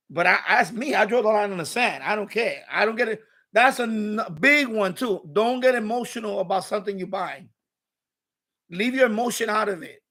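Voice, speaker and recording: A man's voice: high-pitched, expressive, normal speed, pushed and bright. A man hosting a live stream, chatting casually and rambling, with many restarts and repeated phrases.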